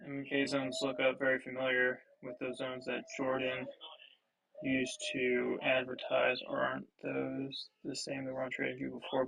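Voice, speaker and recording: Man, live trading stream host, casual and profane, gravelly, distant earbud mic. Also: mid-range voice. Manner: loose, profane, thinking aloud with fillers. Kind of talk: casual live market commentary. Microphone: wireless earbuds.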